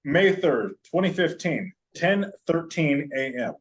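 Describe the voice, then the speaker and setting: A man's voice: a little high, slow, poor audio. A man with a slightly raised voice tells a long personal story on a podcast. He talks casually, swears freely and slips in jokes. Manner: animated, profane, joking. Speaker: podcast guest.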